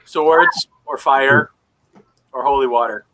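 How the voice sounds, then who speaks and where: A man's voice: mid-range voice, takes it slowly, bright, forceful tone, poor audio. A man narrating as game master of a tabletop horror game, describing scenes with frequent fillers.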